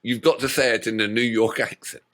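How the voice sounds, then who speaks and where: A man's voice: medium pitch, steady tone, a little fast, fairly bright tone. A man co-hosting a music reaction channel, chatting casually and telling jokey stories with plenty of laughter. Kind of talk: casual chat.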